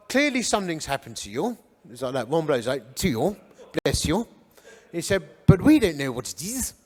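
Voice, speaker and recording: A man in his fifties from England, telling his life story at a church, acting out the voices of people he met. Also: a little high. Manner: animated storyteller who acts out what people said. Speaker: guest speaker giving his life story. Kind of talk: church testimony talk. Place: church hall with an audience. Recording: reverberant church hall.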